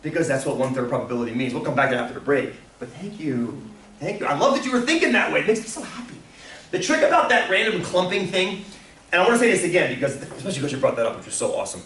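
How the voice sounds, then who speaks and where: A man teaching statistics in a classroom, telling stories in an animated way and often laughing. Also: fairly high pitch, racing, a little hiss or hum. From Delaware. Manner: animated storytelling, acts out voices, laughs often. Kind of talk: classroom lecture. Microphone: far room mic. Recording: echoey room from far off.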